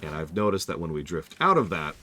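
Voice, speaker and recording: Deep gravelly guy streaming a game, chatty, bouncy delivery, noisy background. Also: sing-song, a little fast. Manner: chatty, repeats himself while multitasking. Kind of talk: live game stream commentary.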